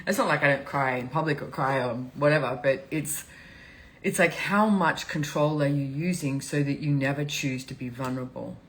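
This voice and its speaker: On a rough recording, a deep-voiced woman speaks at a moderate pace while hosting a live stream. Her casual talk wanders, candid and emotional, punctuated by tears and frequent laughter.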